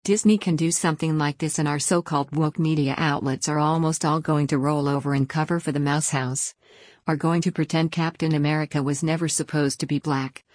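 A woman reading an opinion news article aloud in a steady, even delivery. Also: sits low, a little fast, dry recording, studio quality. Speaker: article reader.

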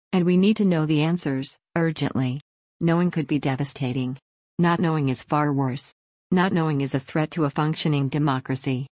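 A woman reading a news article aloud in an even, measured scripted narration. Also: sits low, dry recording, studio quality.

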